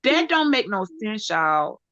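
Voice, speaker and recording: Bright dry-voiced woman chatting. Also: mid-range voice, measured pace, no echo, highs cut off. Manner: rambling, animated, trails off mid-sentence. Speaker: panelist. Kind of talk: casual panel chat. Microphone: home podcast setup.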